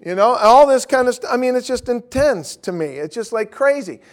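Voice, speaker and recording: A male pastor preaches with a notably high voice, his passion rising into urgent, near-shouted declarations before dropping into soft, joking asides. He is heard from a distance in a large hall. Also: lively intonation, normal speed. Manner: impassioned, swings from shouting to quiet joking. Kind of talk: sermon.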